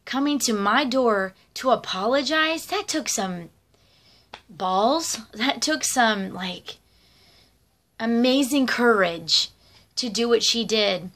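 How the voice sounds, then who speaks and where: A woman's voice: on the high side, expressive, takes it slowly, a bit bright. A middle-aged woman vlogger telling personal stories in a rambling, conversational way with lots of fillers and asides. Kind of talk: casual personal storytelling.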